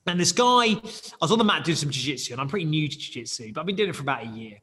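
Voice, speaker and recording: Male startup founder, bright forceful voice, lively storytelling, echoey room. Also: on the high side, very fast. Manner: energetic, full of fillers and restarts, bursts into acted quotes. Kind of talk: animated storytelling in an interview. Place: London.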